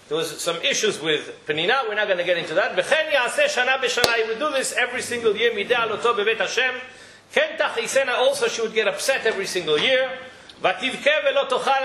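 A man with a high, bright voice, teaching a Torah class and moving between quotations and explanation. The room is echoey, with faint noise behind him. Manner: animated, mixes Hebrew quotes with English explanation.

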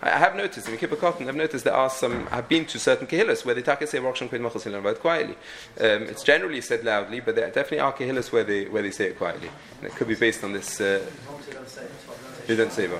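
A man's voice: mid-range voice, fast talker, a bit bright. A man teaching a halachic lesson, thinking aloud with frequent restarts and many Hebrew and Yiddish terms. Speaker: Torah teacher.

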